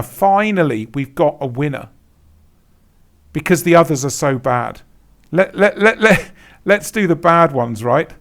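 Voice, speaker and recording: A man's voice: fairly high pitch, creaky. A man working as a shop consultant, talking through a screen-share tutorial in a blunt, emphatic way, repeating words and laughing at bad examples. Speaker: Etsy consultant.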